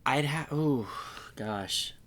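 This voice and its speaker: A man answering interview questions in a trailer on a TV set, easygoing and relaxed, with hesitant fillers. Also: mid-range voice, very slow. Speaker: interview guest.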